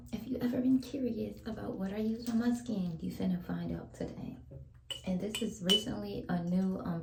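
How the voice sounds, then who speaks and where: A woman's voice: medium pitch, gravelly, warm tone, reverberant, slight background noise, poor audio. A young woman, whispering a laid-back, chatty vlog at home while she brushes her teeth and washes her face. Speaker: vlogger. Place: home bathroom.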